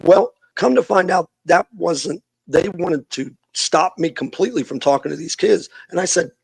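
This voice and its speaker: A middle-aged man with a somewhat high, husky voice tells a story in a casual interview, acting out the people he quotes. He speaks as a youth minister and podcast guest. The recording is close and dry. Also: moderate pace, no echo.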